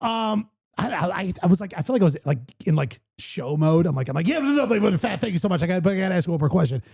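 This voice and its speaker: A man hosting a casual chat show, telling stories excitedly with many fillers and restarts. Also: high-pitched, fast talker, vocal fry, breathy edge. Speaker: podcast host.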